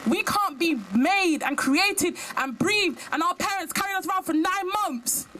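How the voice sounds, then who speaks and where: A woman's voice: very high voice, a little slow, pushed and bright, rough recording. A young woman giving an impassioned speech at an outdoor protest in the rain, firing off emphatic rhetorical questions. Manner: rhetorical questions, emphatic, sings a short verse. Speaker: protest speaker. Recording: outdoor recording with street noise.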